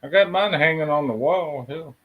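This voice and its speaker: A man's voice: a little high, moderate pace, narrow, tinny audio, slight background noise. A man hosting a casual chat, folksy and self-deprecating, with casual swearing.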